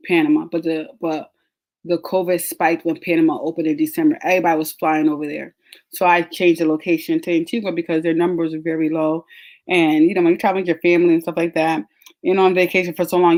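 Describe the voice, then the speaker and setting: Woman host telling a lively story. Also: deep voice. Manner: animated storytelling, laughs often. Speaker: podcast host. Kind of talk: casual chat.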